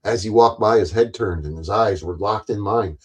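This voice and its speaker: A man casually telling a long story in a rambling, profane way, often jumping louder and higher when he acts out quoted lines. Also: normal speed, slightly rough.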